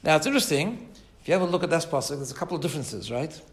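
A man's voice: on the high side, animated, very fast. A man teaching a class on a Hebrew text. He translates it phrase by phrase and keeps checking in with his listeners. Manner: explains Hebrew text line by line, checks in with "right?". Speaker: Torah teacher. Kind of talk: text-based Torah class. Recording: echoey room.

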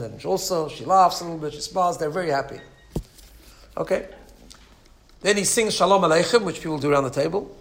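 Man, religious teacher, storytelling lesson, animated, asides, slightly high pitch. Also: fairly quick, pauses often.

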